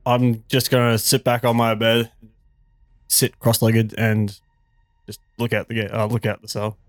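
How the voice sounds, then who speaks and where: A low-pitched man taking his turn in a tabletop game, his speech fairly flat and even. The sound is dry, with faint music behind him. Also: a little slow, no room sound. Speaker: player.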